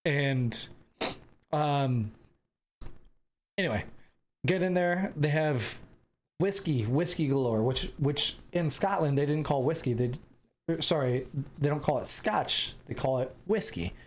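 A man's voice: on the high side, expressive, takes it slowly, long pauses. Man rambling through a travel story. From United States. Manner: rambling, laughing, frequent filler restarts. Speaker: podcast host. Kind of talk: casual storytelling.

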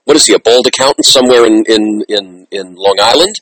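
A man hosting an interview, animated and enthusiastic, quick to praise his guest. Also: fairly low pitch, no echo, low-quality recording. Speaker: interview host. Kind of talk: casual interview.

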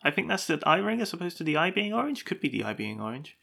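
A man's voice: a little high, sing-song, fast talker, gravelly, pushed and bright, breathy edge. A man co-hosting a casual science podcast, describing an animal in an easygoing way with fillers. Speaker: podcast co-host.

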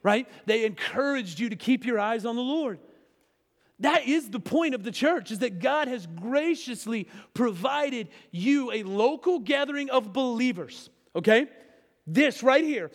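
Male pastor, higher-pitched voice, conversational sermon, lots of tag questions, long hall reverb. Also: expressive, moderate pace.

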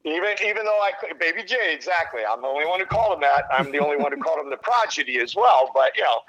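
Middle-aged male commentator, guest spot: bright, slightly high voice, animated storyteller who laughs a lot. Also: rapid-fire, highs cut off. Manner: animated, laughs often, acts out quotes. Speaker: sports commentator, podcast guest. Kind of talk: casual storytelling.

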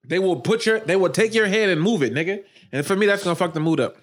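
A man's voice: sits high, fast talker. A man co-hosting a podcast, talking bluntly and casually, often laughing. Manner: animated, laughing, blunt opinions. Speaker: podcast co-host. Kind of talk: casual crude chat.

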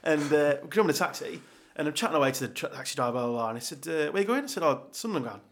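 Fast-talking gravelly podcast host. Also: male voice, a little high. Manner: fast anecdotal banter. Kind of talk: casual podcast chat.

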